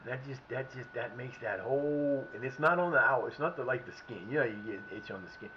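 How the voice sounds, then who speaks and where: A man's voice: medium pitch, a little fast, dull audio, noisy background. A man streaming a football management game, talking at his players, often frustrated and swearing. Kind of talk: live gameplay commentary.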